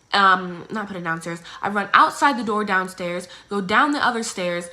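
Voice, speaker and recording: Chatty young woman with a bright voice. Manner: chatty, full of "like" and "um"; acts out others' lines in squeaky exaggerated voices. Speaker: storyteller. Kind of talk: casual storytelling.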